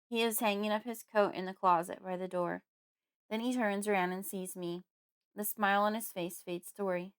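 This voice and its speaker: A woman giving measured first-person narration of a horror audiobook. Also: medium pitch, clear, resonant tone. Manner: measured, storytelling.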